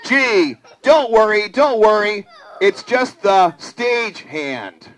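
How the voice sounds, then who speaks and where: A puppeteer voicing a zookeeper at a live children's puppet show, animated and calling on the kids to join in. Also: medium pitch, slow pace, rough recording. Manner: animated, calls on the audience to join in. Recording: live show with audience and music.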